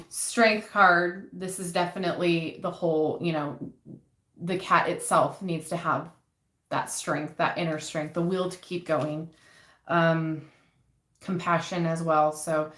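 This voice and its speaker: A woman reads tarot cards in a casual live session, her voice on the low side and her delivery soft and halting. She fills her pauses with ums as she works through each card. The room around her carries a noticeable echo. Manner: soft-spoken, hesitant, frequent ums, gets emotional. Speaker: tarot reader. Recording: echoey room.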